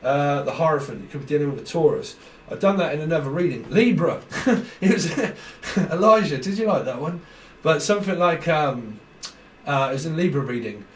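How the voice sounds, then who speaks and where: British man, tarot reader, a touch high-pitched, rambling and chuckling, off-mic in an echoey room with faint hiss. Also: animated, moderate pace. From Britain. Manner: rambling, stream-of-consciousness, laughs often. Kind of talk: casual tarot reading monologue. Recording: roomy echo, slightly distant mic, faint noise.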